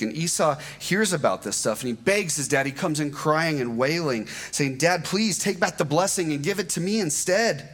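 A man giving a sermon, retelling a scripture story in a conversational, animated way with asides to the congregation. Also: fairly high pitch. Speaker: preacher.

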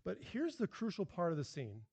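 Animated higher-voiced male preacher. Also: brisk, gravelly, slightly rough, big-room sound. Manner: animated, emphatic preaching with restarts. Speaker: pastor. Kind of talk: sermon.

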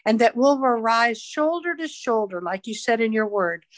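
A woman's voice: on the high side, lively intonation, moderate pace, no echo. A woman evangelist, a podcast guest, leading a fervent, rhythmic spoken prayer. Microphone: podcast mic.

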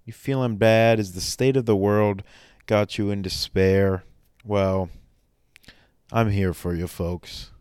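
A man's voice: lowish voice, steady tone, slow, a little mellow, smooth, no echo, studio quality. A man in a rambling comedy monologue, talking to his audience in a mock-soothing, sarcastic way, full of restarts.

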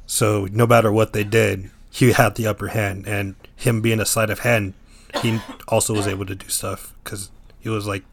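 A man's voice: lowish voice, steady tone, normal speed, gravelly. A man co-hosting a casual podcast chat, retelling a scene with lots of "like" fillers. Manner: filler-heavy storytelling.

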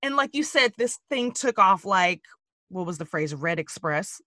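A woman's voice: mid-range voice, animated, a little slow, pushed and bright, no room sound, studio quality. A woman hosting an interview, asking casual questions, laughing and swearing freely. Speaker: podcast host interviewer.

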